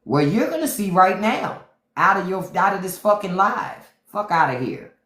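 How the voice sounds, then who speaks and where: A woman's voice: medium pitch, big pitch swings, normal speed, fairly bright tone. A woman hosting a livestream, talking back to the chat with profane, mocking commentary. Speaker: podcast host on a livestream. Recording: roomy echo.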